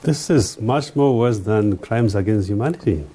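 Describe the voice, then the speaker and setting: A man's voice: on the low side, expressive, moderate pace, mellow, husky. A man hosting an interview, asking questions with hesitant, stumbling restarts. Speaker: interviewer host.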